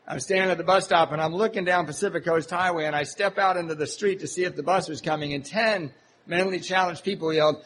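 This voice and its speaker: Man, candid recovery-meeting share, self-deprecating, halting with fillers, slightly high-pitched. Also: fairly bright tone, slight background noise, low-quality recording. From Seattle, Washington, USA. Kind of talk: personal recovery story told to a live audience.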